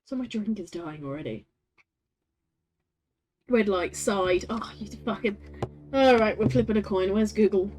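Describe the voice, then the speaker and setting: Lady streaming a story game, swears, keeps laughing, mid pitch. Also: measured pace, pauses often, a little mellow. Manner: chatty, laughing, swearing, talks to chat. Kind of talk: casual game stream, reading aloud.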